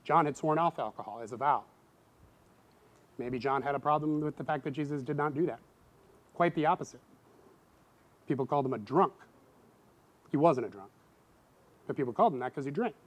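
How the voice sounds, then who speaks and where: High-voiced guy preaching a sermon, casual and animated, keeps acting out little voices. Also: fairly quick, pauses often. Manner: animated, acts out quoted voices with big pitch jumps. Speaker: pastor.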